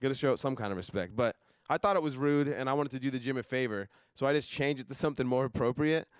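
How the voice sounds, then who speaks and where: A young man doing a stand-up comedy set on a live stage, deadpan, dropping his voice low for asides. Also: fast, clear, resonant tone, dry recording, studio quality.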